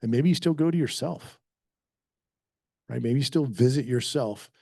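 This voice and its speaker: A man's voice: medium pitch, normal speed, vocal fry, a little mellow, no echo, studio quality. A middle-aged man preaching a sermon in an earnest, conversational way, telling stories about himself. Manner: earnest, conversational, self-deprecating storytelling. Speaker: pastor.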